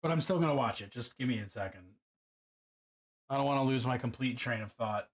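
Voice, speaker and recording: A man's voice: mid-range voice, expressive, fairly quick. A man from Baltimore chatting casually on a live stream while painting miniatures alone in his room, profane, rambling and self-mocking.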